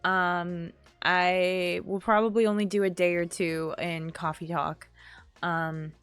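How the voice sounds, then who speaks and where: A tired young woman streaming a game, chatting casually with viewers in a slow, drowsy manner, with frequent laughs and sighs along the way. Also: on the low side, little pitch movement, a bit bright, smooth, faint music behind. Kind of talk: casual gaming stream chat.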